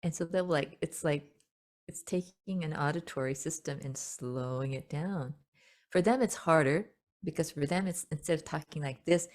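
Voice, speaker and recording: Female spiritual teacher, low relaxed voice, chatty and gently amused, loose unscripted delivery. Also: moderate pace. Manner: gentle, chatty, laughs often, many fillers and restarts. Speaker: spiritual teacher hosting a webinar. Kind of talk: casual spoken teaching.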